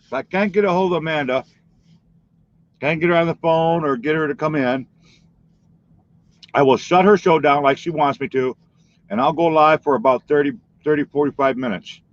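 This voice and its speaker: A man's voice: a little high, moderate pace, pauses often, no room sound. A man talking casually on a live stream, filling in for the host in a rambling, chatty way. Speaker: stand-in streamer. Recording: dull lo-fi dry stream audio.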